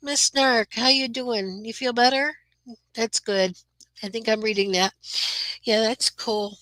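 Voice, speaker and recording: A woman's voice: on the high side, steady tone, measured pace, fairly bright tone, dry recording, poor audio. A woman hosting a casual live chat from her room, greeting viewers by name with a chatty, rambling manner. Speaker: livestream host.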